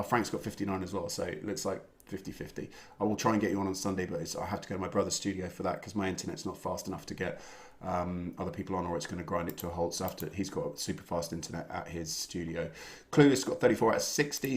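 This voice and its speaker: A young man hosts a live online pub quiz, reading answers and then players' scores. His voice sits low, and he talks in a relaxed, rambling way, full of fillers. It sounds like a home computer mic. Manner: relaxed, chatty, many "uh" fillers. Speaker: quiz host. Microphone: home computer mic on a video stream.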